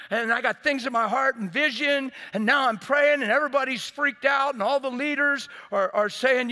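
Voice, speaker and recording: A man preaches in a very high, ringing voice, swinging from loud emphatic bursts to hushed, near-quiet passages. His bright tone carries a long reverb from a large hall. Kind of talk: sermon.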